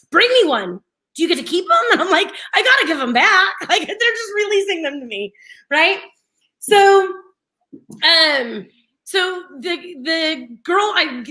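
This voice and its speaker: A young adult woman co-hosting a radio show, telling a story animatedly and laughing often as she acts out what people said. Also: sits high. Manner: animated, laughs often, slips into quoted voices. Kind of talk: casual morning-show storytelling.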